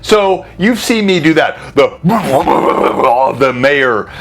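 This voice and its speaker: A man's voice: on the high side, expressive, very slow, fairly bright tone. A man hosting a live stream as a game master, chatting casually, interrupting himself and laughing often. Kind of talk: casual livestream chat.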